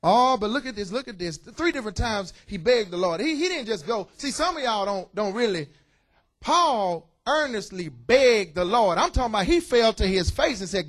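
A man's voice: sits high, moderate pace. A man preaching a sermon as pastor, joking and calling out to his congregation. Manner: lively, joking preaching with call-outs to the congregation. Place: church.

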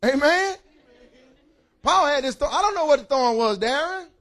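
A pastor with a very high-pitched voice preaches a sermon in church at a normal speed. His delivery is lively and joking, and he calls out to his congregation.

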